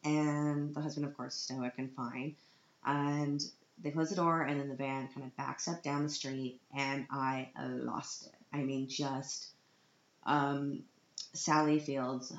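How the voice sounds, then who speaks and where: A woman's voice: very deep voice, level tone, takes it slowly. A woman in her thirties telling a personal vlog story about her child, dramatic and self-mocking, on the verge of tears. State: tearful, on the verge of crying. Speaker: parent vlogger. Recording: roomy, dull lo-fi sound.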